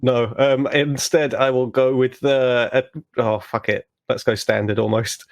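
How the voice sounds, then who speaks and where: A man's voice: medium pitch, steady tone, a little slow, vocal fry, few pauses, no room sound, clean studio sound. A man playing a tabletop game, giggly and unsure as he introduces himself. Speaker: player. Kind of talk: casual game chat.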